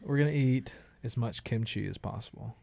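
A man's voice: medium pitch, moderate pace, gravelly, darkish tone, a little hiss or hum. A man, a chef and restaurant owner, chatting casually as a guest in rambling, laid-back stories. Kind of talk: casual conversation.

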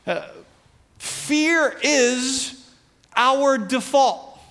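High-voiced pastor preaching in a reverberant church. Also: male voice, fairly bright tone. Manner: acts out Bible characters' voices, conversational preaching. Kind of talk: sermon. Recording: long hall reverb.

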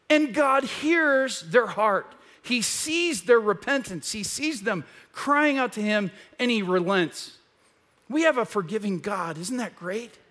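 A man preaching a conversational sermon as pastor in a church, telling a story with animated retellings. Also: very high-pitched. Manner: animated storytelling, acts out quoted voices.

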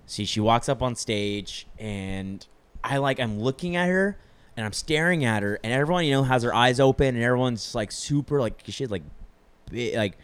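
A man's voice: medium pitch, normal speed, smooth. A young man telling a long story in casual chat, rambling with lots of filler words and swearing freely. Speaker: podcast storyteller.

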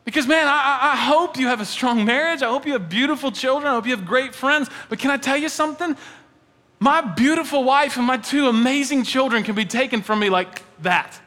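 A man in his thirties, a pastor giving an emphatic sermon that sometimes swings up high and at other times falls to a hushed prayer, in a church sanctuary. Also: brisk. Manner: emphatic, rising to animated peaks then dropping to a hushed prayer. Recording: long church hall reverb.

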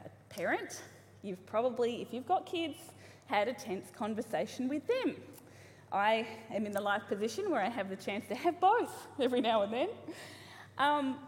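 A woman's voice: mid-range voice, a little hiss or hum. A woman in her thirties giving a casual, humorous sermon to a church congregation, chatty, with frequent ums and restarts. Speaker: preacher. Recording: live church hall reverb, faint ambience.

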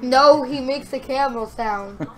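High-voiced giggly woman, talks slowly, playful, friends chattering around. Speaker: podcast guest. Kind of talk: casual chat among friends.

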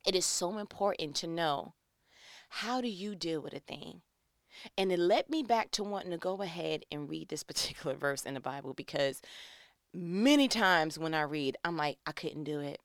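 A woman's voice: fairly low pitch, expressive, normal speed, no room sound, studio quality. A woman in her thirties giving a casual devotional talk, acting out little scenes in other voices.

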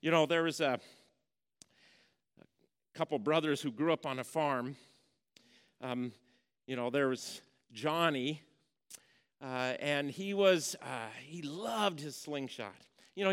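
A man preaching a sermon, telling a folksy story, going from hushed to emphatic. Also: on the high side, clear, resonant tone. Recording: long reverb of a large hall.

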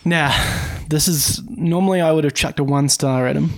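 A man co-hosting a podcast, telling a story in an animated, self-deprecating way. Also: a little high, normal speed. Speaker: podcast co-host. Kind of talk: casual storytelling.

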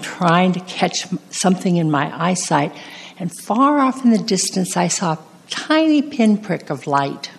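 Slow, low-voiced woman preaching. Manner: slow, earnest personal testimony. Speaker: pastor. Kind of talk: sermon.

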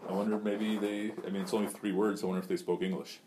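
A man's voice: fairly low pitch, level tone, fast, a little mellow. A man leading a class discussion of a novel, thinking aloud with hesitations and restarts. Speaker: teacher leading a reading discussion. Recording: faint background noise.

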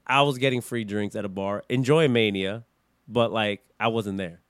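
Animated casual podcast man, smooth voice. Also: lowish voice, normal speed, no room sound. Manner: animated, swearing, rambling with fillers. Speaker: podcast co-host. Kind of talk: casual chat.

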